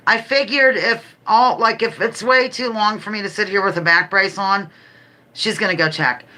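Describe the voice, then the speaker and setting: A woman's voice: medium pitch, pushed and bright. A middle-aged woman hosting a casual home livestream, chatty, playful and rambling. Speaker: livestream host. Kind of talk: casual live-stream chat.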